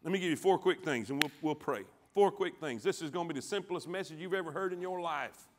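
A man preaching a sermon as pastor, calling on the congregation to answer back and swinging from quiet, low lines to loud ones. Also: fast talker. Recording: church sanctuary.

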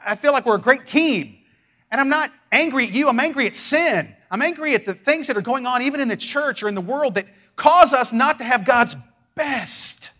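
A male pastor delivers a fervent sermon in a notably high voice. He swings between forceful proclamations and quiet, pleading passages, stretching his phrases out for emphasis. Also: lively intonation, brisk. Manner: fervent preaching, swings from loud declarations to hushed pleading.

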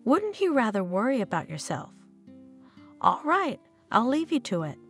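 A woman voicing a calm, frank male hospital doctor in an audio story, speaking matter-of-factly. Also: fairly high pitch, normal speed, soft background music. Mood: reassuring. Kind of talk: storybook narration.

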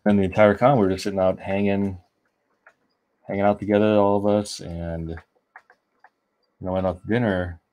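An artist streaming a coloring session tells a long, rambling anecdote in a lowish, level voice at normal speed. He pauses often and keeps restarting sentences, and the sound is lo-fi.

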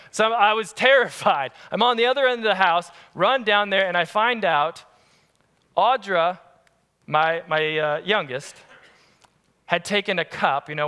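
A man preaching a sermon as pastor, telling family stories in an animated, lively way. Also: high-pitched, clear, resonant tone. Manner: animated, acts out family scenes. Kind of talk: storytelling sermon. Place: church sanctuary. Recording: long church-hall reverb.

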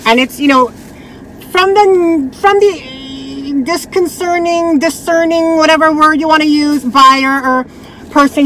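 A vlogger in her thirties chats casually about her thrift haul, blunt and quick to laugh, peppering her speech with "like." Her voice is high and fairly bright, and the low-quality recording carries a little hiss or hum.

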